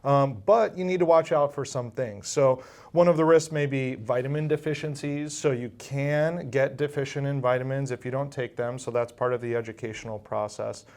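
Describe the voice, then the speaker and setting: A middle-aged male surgeon giving calm, patient medical explanations in an interview. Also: medium pitch, moderate pace. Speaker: bariatric surgeon.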